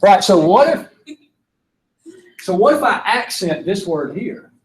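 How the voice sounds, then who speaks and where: A man's voice: high-pitched, big pitch swings, a little slow, husky. A man teaching a philosophy class, talking casually and putting questions to the students. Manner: conversational, asks the class questions. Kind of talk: classroom lecture.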